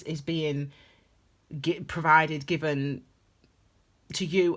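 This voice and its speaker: A woman's voice: fairly low pitch, fairly bright tone. A woman giving a casual spoken tarot reading, rambling and heartfelt, with frequent laughs. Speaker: tarot reader.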